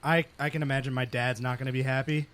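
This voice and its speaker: A man's voice: mid-range voice, steady tone, fairly bright tone, slight background noise. Rambling young man telling a story. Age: 20s. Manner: rambling, halting, with many fillers. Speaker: podcast co-host. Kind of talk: casual storytelling chat.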